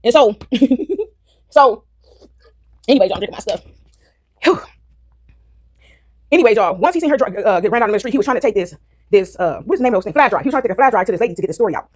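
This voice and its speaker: A woman's voice: medium pitch, animated, fast, long pauses. A woman vlogger rambling through a movie recap to her viewers, swearing freely and calling them y'all.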